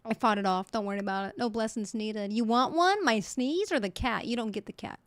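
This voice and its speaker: A woman's voice: a little high, fairly quick, no echo. Chatty young woman streamer, dry sound. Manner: chatty, jokey, laughs often, talks to chat. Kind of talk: casual chat reacting to news clips.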